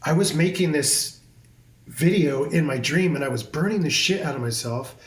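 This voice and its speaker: Speaking at a normal pace in a somewhat high voice, this male hairstylist is a podcast guest. His delivery is intense and emphatic, full of casual swearing, with a roomy echo around him.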